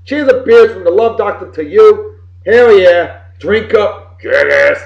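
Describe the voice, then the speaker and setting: A middle-aged man hosts a homemade web show, calling out birthdays in a rowdy, wisecracking, folksy way. His voice sits a bit high and swings widely in pitch. The sound is roomy and dull, like lo-fi webcam audio. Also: lively intonation, a little slow, creaky. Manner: boisterous, folksy, swearing, wisecracking. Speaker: show host. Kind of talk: casual birthday shout-outs on a web show. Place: home room with computer behind him.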